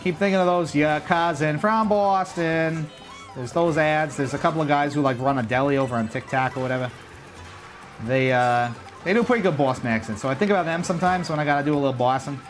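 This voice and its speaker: A man's voice: medium pitch, fast talker, faint music behind. A man chatting casually to his viewers while playing a racing game on a livestream, rambling and talking straight to chat. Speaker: streamer. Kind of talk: casual livestream gaming commentary.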